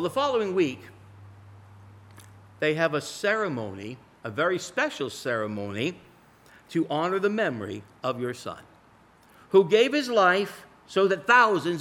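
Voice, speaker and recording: A man preaching a sermon in a dramatic storytelling way, swinging from loud pleas to hushed lows. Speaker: pastor.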